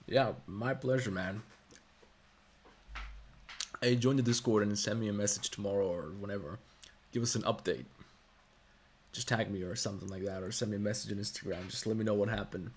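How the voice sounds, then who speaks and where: A man's voice: on the low side, slight background noise. A man chatting casually on a live stream, giving blunt, profane advice in a lecturing way.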